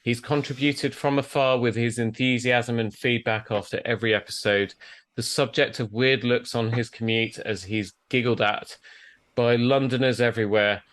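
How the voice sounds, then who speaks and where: A man's voice: medium pitch, fairly even intonation, moderate pace, a bit bright. Chatty male podcast host. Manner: chatty, laughs easily, scripted intros. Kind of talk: casual podcast chat. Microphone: video call.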